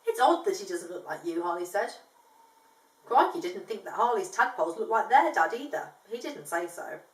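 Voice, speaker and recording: A woman originally from outside Australia, now living there, reads a children's picture book aloud in a very animated, mid-range voice at a moderate pace. She raises her voice for the animals' lines and pauses to explain things chattily. The audio is poor and roomy, with her far from the mic.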